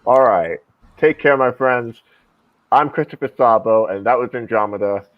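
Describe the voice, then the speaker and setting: A man's voice: medium pitch, normal speed, no echo. A man hosting a casual interview, speaking hesitantly and reassuringly, with many restarts. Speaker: host. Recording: dull, lo-fi sound.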